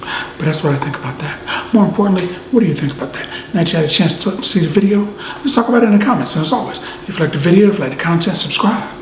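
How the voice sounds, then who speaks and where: A man giving a casual movie review, easygoing and animated, often tacking "man" onto his sentences. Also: high-pitched, very fast. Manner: laid-back, says "man" often, animated asides. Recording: echoey room, faint ambient noise.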